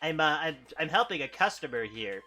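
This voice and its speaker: A man's voice: on the high side, sing-song, brisk, bright, forceful tone, soft background music. A man voicing a stammering, overly polite elf shop clerk dealing with rude customers in an improvised tabletop game. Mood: flustered. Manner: stammering, prim customer-service tone. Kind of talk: improvised tabletop role-play.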